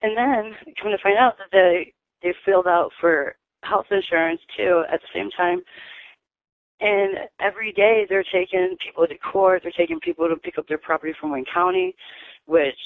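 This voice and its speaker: A woman's voice: lowish voice, animated, normal speed, vocal fry, no echo. A woman calling in by phone, venting in an angry, profane rush. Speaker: caller. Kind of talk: venting phone call to a radio show. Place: residential treatment facility. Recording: tinny phone line.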